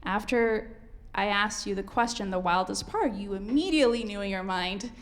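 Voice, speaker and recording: A woman's voice: mid-range voice, moderate pace. A woman teaching a piano masterclass, coaching a student and singing rhythms aloud as she counts.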